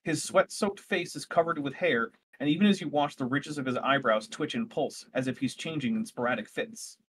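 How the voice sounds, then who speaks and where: A man running a tabletop role-playing game, narrating scenes and rules in a relaxed, rambling way, often correcting himself. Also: mid-range voice, normal speed, slight background noise. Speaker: game master.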